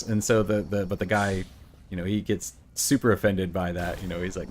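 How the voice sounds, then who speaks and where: While playing, this middle-aged gaming-channel host talks casually, wandering through anecdotes and quoting voices. His fairly low voice keeps a steady tone at a fairly quick pace, over a little hiss or hum.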